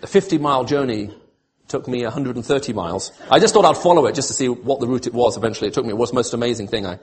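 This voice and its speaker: A man's voice: mid-range voice, racing, slight background noise. A man preaching a sermon, pleading with emotion when voicing God's appeals and turning to dry, self-mocking humour.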